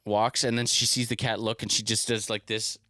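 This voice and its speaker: A man's voice: fairly low pitch, level tone, fairly quick, bright, forceful tone, no echo, clean studio sound. A young man co-hosting a podcast, telling stories in a laid-back way and swearing casually. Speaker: podcast co-host. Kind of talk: casual chat.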